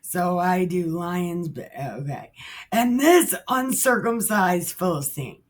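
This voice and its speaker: A woman with a husky voice retells a Bible story in a chatty, irreverent way, dropping curses and asides. She talks slowly, with wide, lively pitch swings. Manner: profane, laughing, chatty.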